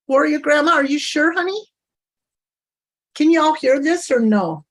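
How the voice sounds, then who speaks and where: A woman's voice: high voice, lively intonation, moderate pace, pauses often, a bit bright. A woman streaming live reaction commentary, indignant and talking straight to her chat.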